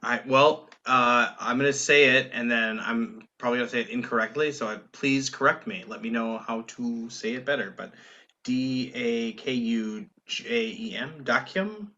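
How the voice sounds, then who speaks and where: A man co-hosts a podcast, rambling and hesitant, full of fillers. His voice is bright and mid-pitched. His sound comes through dull and lo-fi. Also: fairly even intonation, moderate pace. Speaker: podcast co-host. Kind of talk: casual chat.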